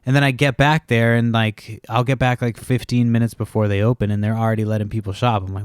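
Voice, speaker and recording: Low-voiced dude rambling on his podcast, cursing a lot, dry close sound. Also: little pitch movement, quick pace, few pauses, clear, resonant tone, no echo. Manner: profane, rambling, self-interrupting storyteller. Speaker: podcast host. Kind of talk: casual rambling monologue.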